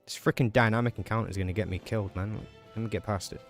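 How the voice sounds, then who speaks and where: A man live-streaming a video game, chatting casually with viewers and reacting out loud as he plays, talking quickly. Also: on the low side, faint music behind. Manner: talks quickly in a relaxed, chatty way.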